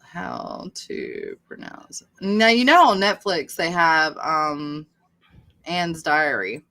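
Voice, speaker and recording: A woman's voice: sits low, huge pitch swings, slow pace, creaky, pushed and bright. A woman chatting casually on a livestream, rambling and poking fun at herself. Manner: rambling, chatty, self-deprecating. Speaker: livestream host.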